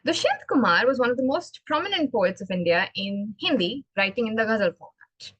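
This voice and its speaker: A woman giving a prepared club speech on poetry, earnest and expressive, talking in a measured way. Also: on the high side, no echo, lo-fi sound. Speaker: club speaker.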